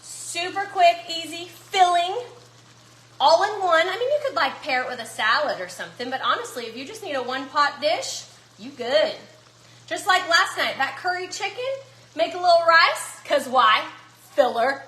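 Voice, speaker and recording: A woman's voice: very high voice, lively intonation, moderate pace, bright, forceful tone, roomy sound. A woman chatting casually to viewers while cooking in her home kitchen. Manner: chatty, folksy, talks to viewers as y'all. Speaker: cooking vlogger.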